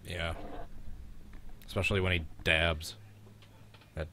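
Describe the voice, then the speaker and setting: A man's voice: low-pitched, flat delivery, slow pace, bright, forceful tone, a little hiss or hum. A man hosting a live race reaction with friends, congested and sick, his voice cracking, chatty and teasing as he rambles through old races. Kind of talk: casual live commentary with friends.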